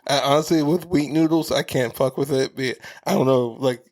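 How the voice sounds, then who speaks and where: A man's voice: medium pitch, moderate pace, a little mellow. A man co-hosting a podcast in casual chat, reacting with exclamations and chiming in with his own takes. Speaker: podcast co-host.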